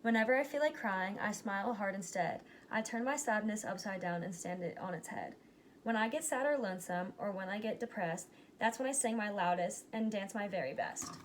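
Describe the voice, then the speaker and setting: A woman reading a rhyming picture book aloud, giving its characters lively but plain voices. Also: medium pitch, a little fast, a little hiss or hum. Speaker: reader.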